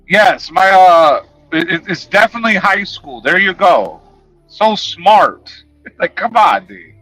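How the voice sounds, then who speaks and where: Man, livestreamer, profane confrontational rant, lively swooping pitch, dry close sound, faint background music. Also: measured pace, no room sound, rough recording. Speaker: livestreamer answering chat.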